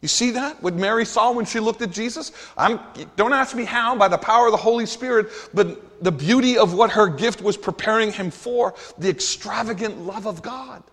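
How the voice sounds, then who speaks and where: A man's voice: sits high, normal speed, few pauses, a bit bright. A man preaching a sermon as pastor, earnest and emphatic, asking the congregation rhetorical questions. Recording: long hall reverb.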